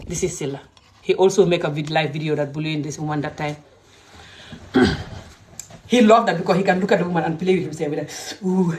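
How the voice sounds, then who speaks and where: A woman's voice: a little fast, long pauses, slight background noise. Indignant Gambian woman ranting. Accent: Gambian English. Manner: emotional, indignant, swings between shouting and low muttering. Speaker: vlogger. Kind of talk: heated ranting monologue.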